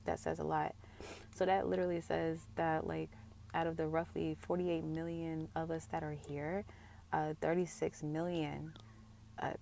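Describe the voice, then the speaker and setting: A woman's voice: low-pitched, creaky, a little mellow, slight background noise. A woman casually talking to her viewers in a conversational video commentary. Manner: conversational, addresses viewers as y'all. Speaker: video creator.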